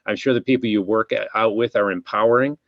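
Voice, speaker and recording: A man's voice: lowish voice, fairly even intonation, fast, no echo. A man hosting a casual interview chat, talking in a rambling, reflective way. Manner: rambling, reflective, many restarts. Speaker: podcast host, chiropractor. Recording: dull, dry lo-fi sound.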